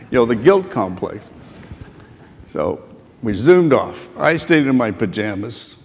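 A man's voice: medium pitch, unhurried, darkish tone, a little hiss or hum. An older man on a panel telling childhood stories to students in a folksy, rambling way. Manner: folksy, rambling anecdotes with frequent fillers. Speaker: panelist, Medal of Honor recipient. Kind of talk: storytelling to students. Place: auditorium panel. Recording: echoey hall sound.

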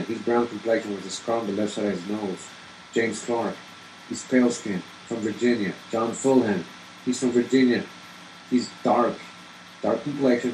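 A man's voice: mid-range voice, a little mellow. A man reading colonial muster rolls aloud and challenging viewers with rhetorical questions. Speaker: genealogy video host. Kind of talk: reading records aloud with commentary. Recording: echoey room with faint air-conditioning hum.

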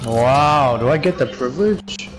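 A man's voice: medium pitch, lively intonation, measured pace, music in the background, low-quality recording. A man chatting with teammates while streaming a shooter game, friendly and teasing with his questions. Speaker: streamer playing a battle royale game with a squad. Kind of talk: casual gaming chat. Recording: game gunfire clearly heard behind.

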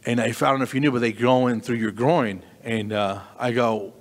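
Middle-aged man, stand-up comedian, animated storyteller, mid-pitched voice, long hall echo. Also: brisk. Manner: animated storytelling, sudden high squeaks of disbelief.

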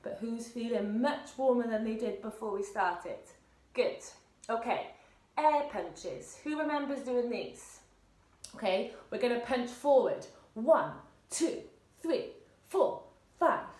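High, upbeat woman leading exercise. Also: expressive, slow pace, a little mellow. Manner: encouraging, with cheery whoops. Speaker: fitness instructor. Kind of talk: leading a seated exercise warm-up. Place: indoor room, seated on a chair. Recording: echoey room.

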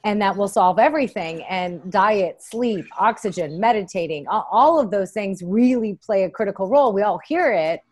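A woman co-hosts a casual talk show. She talks in an emphatic, chatty way, and her voice sits at a typical middle pitch. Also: lively intonation, normal speed, hardly any pauses, a little mellow. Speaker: co-host.

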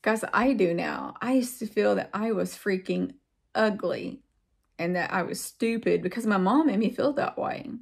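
A woman vlogger talking casually and earnestly to her viewers. She rambles and reflects, repeats words for emphasis, and drifts into pauses. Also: mid-range voice, vocal fry. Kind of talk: casual heartfelt monologue to viewers.

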